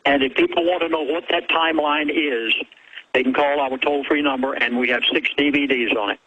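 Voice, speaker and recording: A man speaking as a guest on a radio show over the phone, measured and emphatic. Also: a little high, steady tone, a little hiss or hum. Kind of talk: phone interview. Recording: dull phone-line sound.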